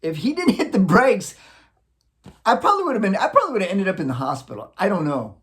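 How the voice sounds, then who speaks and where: A man from Wisconsin casually telling a childhood story, animated, acting out sounds and chuckling often. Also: sits high, fast. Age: adult, looking back on childhood. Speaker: vlogger.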